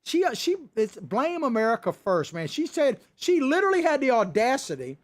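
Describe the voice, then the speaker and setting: A talk show host man rants through a political monologue in a high voice. He is sarcastic and chuckles often. His pitch swings widely, from high jabs down to low, dry asides. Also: wildly swooping pitch, moderate pace. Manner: sarcastic, ranting, with frequent chuckles.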